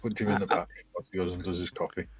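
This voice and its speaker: Low-voiced joking man hosting. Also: flat delivery, rapid-fire, crowd noise. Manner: joking, banters with guests. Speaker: channel host. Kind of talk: casual chat while building dioramas.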